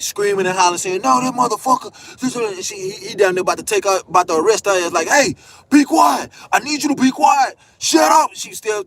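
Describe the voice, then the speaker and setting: Heated high-voiced young man ranting. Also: fairly bright tone, slight background noise. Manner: heated, profane, acts out quotes in raised voices. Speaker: vlogger. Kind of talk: animated storytelling rant.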